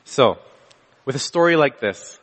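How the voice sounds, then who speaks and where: Pastor telling a story in a hall. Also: male voice, mid-range voice, animated, unhurried, fairly bright tone. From Canada. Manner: casual storytelling with frequent restarts and self-corrections. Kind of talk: conversational sermon with a personal story. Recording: long hall reverb.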